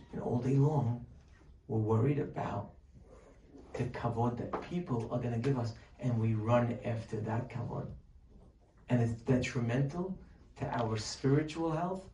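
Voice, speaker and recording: Animated male preacher, echoey room. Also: mid-range voice, measured pace. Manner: animated, rhetorical questions, acts out pleading voices. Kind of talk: sermon. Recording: distant mic, echoey room, faint noise.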